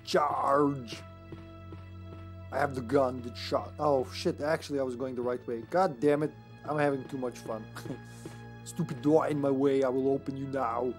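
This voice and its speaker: A man's voice: medium pitch, fairly even intonation, moderate pace, darkish tone, faint music behind. A man streaming a video game live, chatting casually, giggling often and talking to the game and his cat. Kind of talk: casual gaming commentary.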